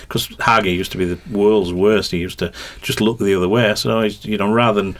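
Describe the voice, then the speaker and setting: A man's voice: on the low side, steady tone, fairly quick, hardly any pauses, fairly bright tone. A man, a motorcycle racing commentator, telling rambling anecdotes in a podcast interview with many restarts and a ready laugh.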